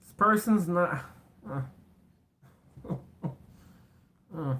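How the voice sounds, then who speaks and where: In an expressive, somewhat bright mid-range voice, delivered extremely slowly, a tarot reader does a casual reading to camera. The talk is blunt and sarcastic, rambling and self-correcting, with casual swearing.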